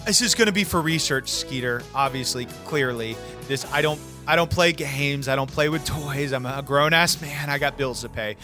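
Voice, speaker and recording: A man's voice: medium pitch, normal speed, few pauses, sharp tone, faint music behind. A man co-hosting a comedy wrestling podcast in a brash, rambling, profane persona. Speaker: podcast co-host.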